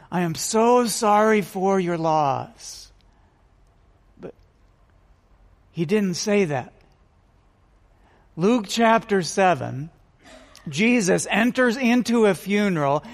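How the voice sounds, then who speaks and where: A male pastor preaching a sermon with dramatic pauses and rhetorical questions. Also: high voice, big-room sound.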